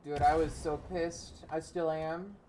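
A woman's voice: low-pitched, fairly even intonation, measured pace, mellow, a little hiss or hum. A young woman streamer giving casual gameplay commentary, ranting profanely and frustrated at the game. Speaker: gaming streamer.

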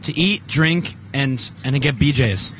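A young man in his twenties co-hosting a radio show, tossing out cocky, deadpan wisecracks in casual chat. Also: mid-range voice, a little slow, slight background noise, low-quality recording.

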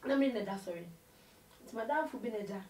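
A woman recounts her life story as an interview guest, her storytelling animated and moving between two languages. She sits well back from the mic in a roomy, echoing space. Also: fairly high pitch, quick pace, far from the mic. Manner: animated storytelling, mixing Twi and English.

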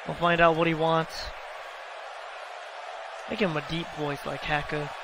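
A man giving casual, excitable commentary on a wrestling video game, swearing now and then, over a noisy recording. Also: a little high, a little slow, crowd noise. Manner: excitable, profane, chatty.

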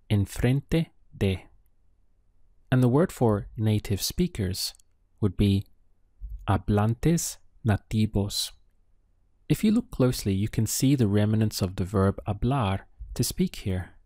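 A man giving a language lesson in a slow, deliberate way, spelling out each phrase with care. His voice sits a little low. The sound is dry and close, with no room around it. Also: dark tone, no room sound. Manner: slow, careful enunciation of phrases. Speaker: language teacher.

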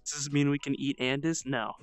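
A streamer chatting and laughing often, excitable and swearing. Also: mid-range voice, a little fast, clear, resonant tone, no room sound, soft background music. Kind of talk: live-streamed casual chat.

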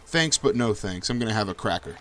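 Excitable young man narrating his gameplay. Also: brisk, slight background noise. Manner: excitable, swears often, jumps to high yelps when in danger. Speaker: gameplay commentator. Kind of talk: casual let's-play commentary.

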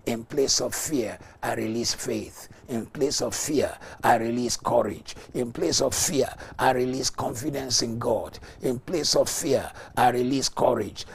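A male pastor leading a fervent morning prayer sermon, declaring loudly, dropping to whispers and speaking in tongues. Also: mid-range voice, gravelly.

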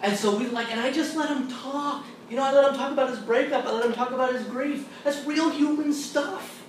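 A man, a Catholic theologian, telling stories to a college audience in an animated, humorous way and acting out the people he quotes. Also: extremely high pitch, brisk, far from the mic. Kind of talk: storytelling talk to a college audience. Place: large hall at a college. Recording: echoey room miked from afar with background noise.

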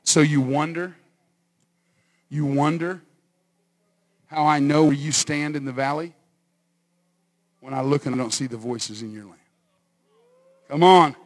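A male pastor preaching a sermon, swinging from quiet asides to shouted exhortation and calling on the congregation to answer. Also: fairly high pitch, a little slow, pauses often. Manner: calls on the congregation for responses.

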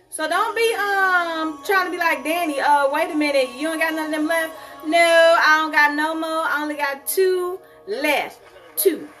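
A woman hosts a live jewelry sale in a sassy, animated way, calling her viewers honey. Her voice sits high and bright, with faint music playing behind her. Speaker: online jewelry seller. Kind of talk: live sales stream.

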